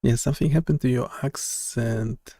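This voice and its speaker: A man developer streaming live, talking casually and haltingly as he thinks aloud, with many fillers. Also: mid-range voice, mellow, no room sound.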